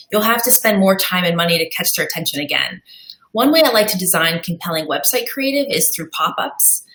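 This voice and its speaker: A woman's voice: on the low side, fairly bright tone, roomy sound, low-quality recording. A woman on a live marketing webinar, walking through slide examples in an upbeat way with a few fillers. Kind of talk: presenting tips on a live webinar.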